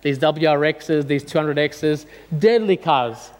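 A man in his forties telling an animated, self-mocking story to an audience. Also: a little high, measured pace, long reverb tail. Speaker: speaker addressing an audience. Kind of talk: storytelling talk.

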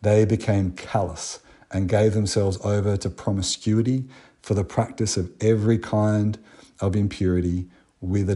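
An Australian man preaches in a relaxed, conversational way, moving between Bible readings and plain talk. His voice sits low and sounds mellow and dark. He fills pauses with small ums and restarts. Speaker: pastor. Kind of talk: sermon.

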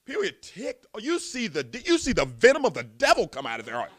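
A male preacher delivers an emphatic sermon in a high, bright voice that swings widely up and down. He repeats words as he builds momentum and fires off rhetorical questions. The sound is dry and close. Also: huge pitch swings, fast talker, few pauses, no room sound.

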